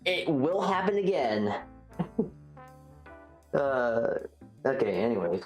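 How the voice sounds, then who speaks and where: A woman's voice: very deep voice, big pitch swings, slow, a little mellow, soft background music. A woman streamer chatting casually and rambling, joking at her own expense while reacting to chat. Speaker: livestreamer. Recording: roomy echo.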